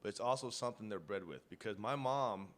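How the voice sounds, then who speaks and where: With lively intonation and a fairly quick delivery, this man co-hosts a podcast in a fairly low voice. He spins loose, foul-mouthed stories in relaxed conversation, laughing frequently.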